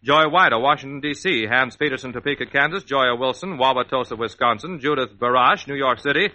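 A male radio announcer briskly reading a list of names on an old broadcast. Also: mid-range voice, bright, forceful tone, low-quality recording.

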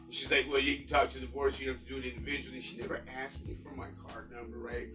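A man's voice: mid-range voice, very fast. Man in his forties ranting. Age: 40s. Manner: animated ranting storyteller acting out dialogue. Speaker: storyteller in group chat. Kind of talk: casual chat. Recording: roomy, distant mic, faint music.

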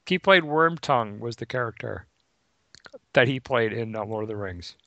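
A man co-hosting a podcast in casual chat, relaxed and agreeable, thinking aloud as he talks. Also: mid-range voice, moderate pace, no echo, highs cut off. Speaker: podcast co-host.

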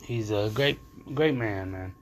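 A young man with a lowish voice, chatting alone on his podcast. He rambles loosely and swears casually, and a faint hiss sits under his words. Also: a little slow. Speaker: podcast host. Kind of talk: casual solo monologue.

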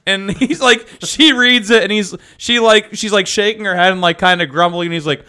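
A man co-hosting a casual podcast, his voice bright and a touch high. He tells a rambling story, piling up fillers and breaking into laughter as he goes. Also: normal speed, clean tone. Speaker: podcast co-host.

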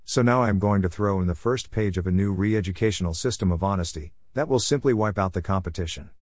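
A middle-aged man with a very low, deep voice reads a letter aloud. His delivery is blunt and preachy, with an irreverent edge. The sound is dry and close, with no room around it. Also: fast talker, darkish tone, no echo. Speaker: podcast host.

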